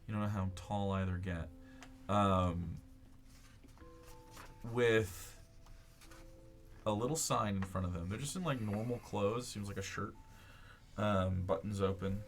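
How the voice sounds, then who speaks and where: A man's voice: lowish voice, steady tone, a little slow, long pauses, soft background music. A man narrating a tabletop game as game master, laid-back and full of filler words.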